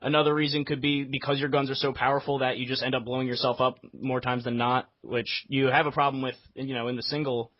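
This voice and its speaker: A man's voice: mid-range voice, little pitch movement, fast talker, few pauses, no echo. A man hosting a casual video game podcast, rambling with plenty of fillers. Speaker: podcast host. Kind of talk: casual chat. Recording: dull, dry lo-fi sound.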